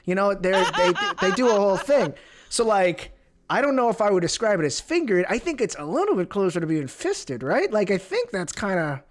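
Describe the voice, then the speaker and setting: Animated joking male streamer. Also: high voice, brisk, a little hiss or hum. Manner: animated, crude joking with many restarts. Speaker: livestream host. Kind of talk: casual livestream chat.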